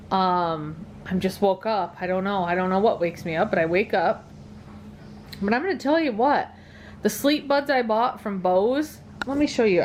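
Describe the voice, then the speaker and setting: A woman's voice: lowish voice, slight background noise. A middle-aged woman talking casually to her viewers, tired and yawning, chatty and rambling with many ums. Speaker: dog channel vlogger. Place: at home.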